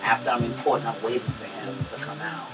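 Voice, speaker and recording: A woman co-hosting a podcast, telling a profane, animated story that swings between loud and hushed. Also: very deep voice, quick pace. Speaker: podcast co-host. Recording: distant mic with music behind.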